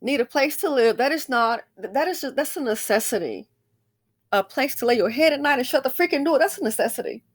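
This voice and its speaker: A woman's voice: sits high, lively intonation, brisk. A woman hosting a commentary channel, talking emotionally and angrily about a news video. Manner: emotional, angry and heated. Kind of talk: casual opinion commentary.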